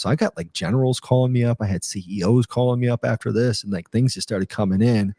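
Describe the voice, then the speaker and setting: A man's voice: fairly low pitch, fast, warm tone, breathy edge, no room sound, studio quality. A middle-aged man, a retired army captain, telling his story in a casual interview, rambling with many fillers and restarts.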